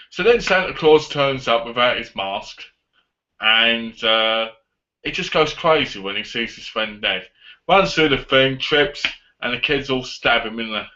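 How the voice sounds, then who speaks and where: A man casually reviewing a film on his vlog, retelling the plot in an animated way and acting out the lines. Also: medium pitch. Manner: animated retelling with acted-out quotes. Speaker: movie reviewer. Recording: dull lo-fi audio.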